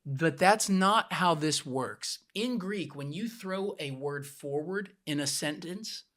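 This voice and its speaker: Slow-talking man explaining step by step. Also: on the high side, fairly bright tone. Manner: patient, explains with plain everyday examples. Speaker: podcast co-host. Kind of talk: teaching explanation on a podcast.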